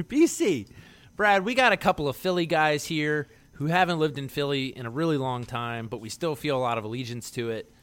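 A man from the Philadelphia area co-hosting a casual movie podcast, talking excitedly with frequent laughs and rambling restarts. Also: on the high side, moderate pace, no echo. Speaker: podcast co-host.

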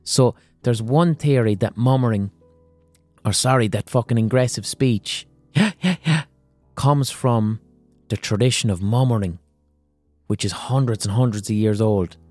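A man's voice: lowish voice, moderate pace, darkish tone, no room sound, soft background music. A man from Limerick with an Irish accent, hosting a solo podcast in a chatty, profane way, full of restarts and asides. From Ireland, Limerick. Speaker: podcast host.

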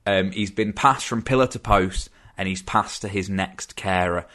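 Chatty low-voiced man. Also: moderate pace, fairly bright tone. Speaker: podcast host. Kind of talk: casual film chat.

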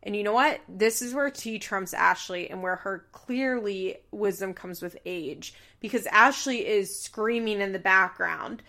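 A woman hosting a podcast, recapping a reality show in casual, animated chat with laughs and swearing. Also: medium pitch, a little slow, vocal fry, hardly any pauses.

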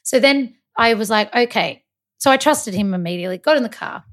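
A woman's voice: on the high side, a little fast. A woman in her thirties, from Malta, telling a personal travel story in casual chat and acting out the voices of the people in it. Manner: animated, acts out quoted voices.

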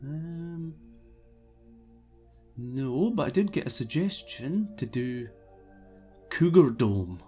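Male streamer, opinionated casual rant, relaxed dark tone, dull recording. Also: medium pitch, takes it slowly, pauses often, slightly rough, soft background music. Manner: opinionated and blunt, with frequent restarts. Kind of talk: casual ranting monologue.

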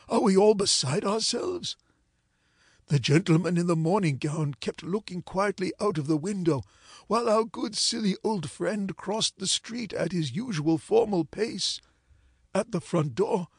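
A man narrating an old ghost story in a measured, dramatic reading. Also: sits high, a little mellow, breathy edge, no echo, studio quality.

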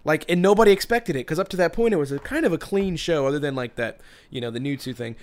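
A man's voice: fairly high pitch, animated, quick pace. A man on a podcast telling a story in casual chat, rambling with many restarts and bursts of laughter.

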